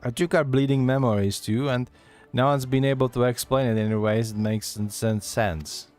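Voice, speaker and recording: A worldly male tavern keeper with a gruff edge, as a man reads him aloud. The lines come haltingly and trip over the dialect, at an ordinary middle pitch. Faint game music plays underneath. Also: steady tone, darkish tone, lightly acted. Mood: stumbling.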